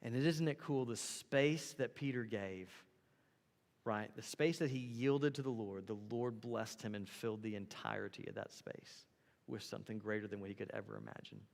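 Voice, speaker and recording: A man preaching a sermon as a young adults pastor, animated, building to loud emphatic peaks and then dropping low. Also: moderate pace, vocal fry. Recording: long hall reverb.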